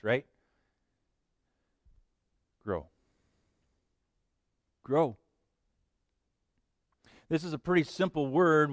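A man preaching a sermon as pastor, swinging between hushed lines and loud bursts. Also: on the high side, no room sound, clean studio sound.

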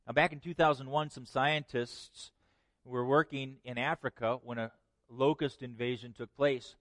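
Animated preacher man, dry sound. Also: medium pitch, moderate pace, no room sound. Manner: animated, voicing God's words with rising emphasis. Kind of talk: expository sermon.

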